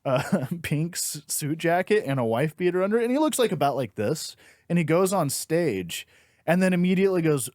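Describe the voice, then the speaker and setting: A young man with a slightly high voice tells comedy-club stories with lots of energy. He chats loosely and swears often, like a comic among friends. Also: normal speed, dry recording, clean studio sound. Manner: animated storyteller, swears freely. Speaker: stand-up comedian and podcast host. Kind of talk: casual storytelling chat.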